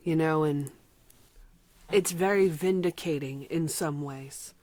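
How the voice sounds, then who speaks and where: A woman reviewing an album, speaking from the heart and close to tears, sometimes dropping to a soft whisper. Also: sits low, slow pace, no echo. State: emotional, near tears. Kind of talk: emotional personal vlog talk.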